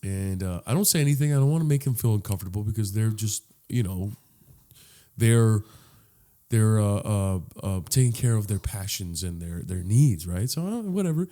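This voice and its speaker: A man chatting casually on a podcast with a friend. He tells stories with a lively, swinging pitch, jumps into other people's voices for quoted lines and swears freely. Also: normal speed. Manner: animated storyteller, acts out voices, swears freely. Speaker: podcast co-host. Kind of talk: casual chat.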